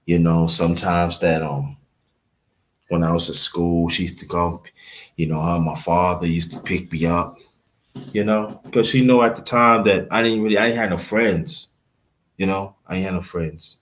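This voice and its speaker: Low-voiced Brooklyn man rambling on a livestream. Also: steady tone, fairly bright tone, a little hiss or hum. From Brooklyn, New York. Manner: rambling, halting, thanks viewers by name. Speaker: livestream host. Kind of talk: emotional livestream storytelling.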